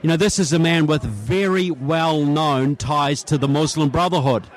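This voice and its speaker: A man's voice: fairly high pitch, normal speed. A man from New Zealand with a New Zealand accent, a guest on a radio interview at a convention, earnest and often restarting his words. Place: radio row at a political convention.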